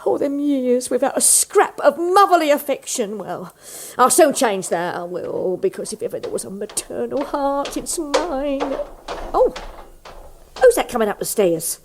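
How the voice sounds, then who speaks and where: A scheming, giggly pie-shop landlady in a radio musical. Her high voice swoops up and down in a coaxing, motherly way, and she never hurries. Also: sing-song, measured pace, a little hiss or hum, heavily acted.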